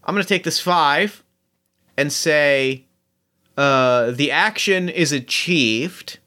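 A man's voice: fairly high pitch, slow pace, bright, forceful tone. Man thinking aloud at a game. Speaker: player. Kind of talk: tabletop game play.

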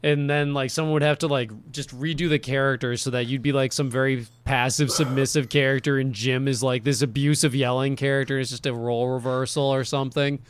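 A man's voice: mid-range voice, level tone, brisk, hardly any pauses, smooth, no room sound. A man co-hosting a podcast in casual chat, rambling with lots of fillers and frequent laughs. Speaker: podcast co-host.

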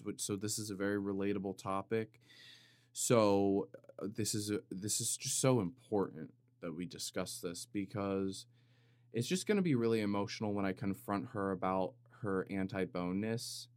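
A man hosting a comedic solo podcast, rambling in a deadpan way with sudden loud bursts and some vocal fry. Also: fairly low pitch, dry recording, clean studio sound. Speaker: podcast host. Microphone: studio microphone.

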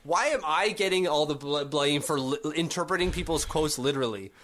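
Guy on a sports podcast, kinda high voice, argues and gets all worked up. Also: a little fast, fairly bright tone. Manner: argumentative, rising to exasperated rants. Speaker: podcast co-host. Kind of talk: casual sports podcast chat.

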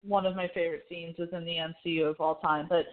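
A woman with a lowish voice and a flat, even delivery hosts a casual film chat. She keeps things moving and passes the word along. The audio is narrow and phone-like. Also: fast. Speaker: podcast host. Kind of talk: casual movie review chat. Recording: tinny phone-like line.

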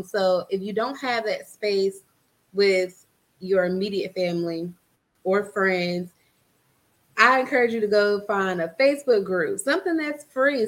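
A woman from Atlanta talking as a fitness-trainer guest in a casual podcast interview, lively and quick to laugh. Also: mid-range voice. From Atlanta, Georgia, US. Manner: animated, acts out quoted voices, laughs easily.

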